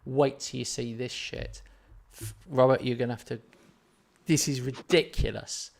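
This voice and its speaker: A man's voice: mid-range voice, measured pace, vocal fry. A man streaming a football management game, chatting and teasing his co-player. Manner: banter-filled, animated, teasing. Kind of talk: casual gaming chat.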